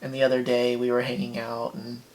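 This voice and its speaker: Deadpan young man telling a story. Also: mid-range voice, a little fast, slight background noise. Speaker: comedian host. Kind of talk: comedic storytelling monologue.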